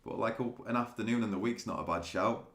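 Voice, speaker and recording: A man's voice: on the low side, quick pace, fairly bright tone, echoey room. A man chatting casually with viewers on a live stream, laughing often and restarting his sentences. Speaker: day trading streamer.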